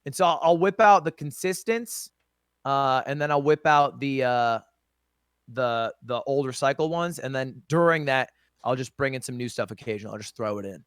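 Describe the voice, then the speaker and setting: 이야기가 자주 옆길로 새는 캐주얼한 청년 남성. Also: male voice, mid-range voice, normal speed, a bit bright, clean tone, no room sound, studio quality. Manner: rambling, loose, with swearing and self-mocking asides. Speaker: streamer guest. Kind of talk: casual interview chat.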